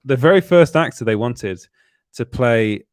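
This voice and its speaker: A man's voice: mid-range voice, lively intonation, unhurried, clear, resonant tone, no echo, studio quality. A man co-hosting a film podcast, talking with enthusiasm and frequent restarts. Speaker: podcast co-host. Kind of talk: casual chat about films.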